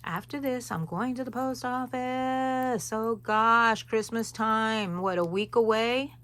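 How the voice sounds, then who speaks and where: Talking slowly in a fairly high, somewhat bright voice, a woman walks viewers through a crochet project stitch by stitch. Her tutorial chat is casual and rambling, full of friendly asides.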